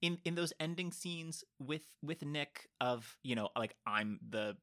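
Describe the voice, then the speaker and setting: Bright-voiced man chatting about films. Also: on the high side, a little slow. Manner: chatty, playful, puts on silly voices for jokes. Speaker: podcast co-host. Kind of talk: casual film discussion.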